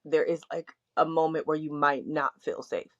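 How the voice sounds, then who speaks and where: A young adult woman with a low voice co-hosts a podcast at a moderate pace. Her candid, casual talk wanders, crammed with "like" and frank swearing, and the audio is dull and lo-fi.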